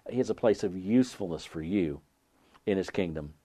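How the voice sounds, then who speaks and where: A man's voice: deep voice, expressive, a little fast, warm tone, dry recording. A man preaching a sermon, reading scripture aloud and asking the congregation earnest rhetorical questions. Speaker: pastor.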